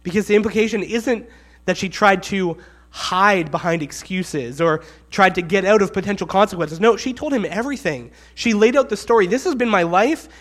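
A man delivers a sermon in a conversational, explanatory way, his voice pitched a little above the usual. He reads the scripture plainly and acts out the quoted lines with building emphasis. A faint mains hum runs under the recording. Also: normal speed, fairly bright tone. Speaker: preacher.

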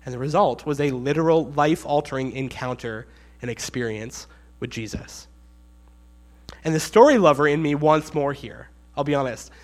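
Conversational preacher with a raised pitch. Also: male voice, normal speed. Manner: conversational, acts out quotes with rising emphasis. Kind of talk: sermon.

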